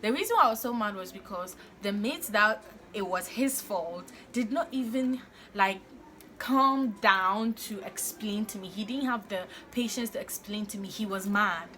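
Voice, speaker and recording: A young woman tells a personal story in a casual vlog, animated and exasperated, with lots of fillers. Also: medium pitch, moderate pace, slight background noise. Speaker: vlogger.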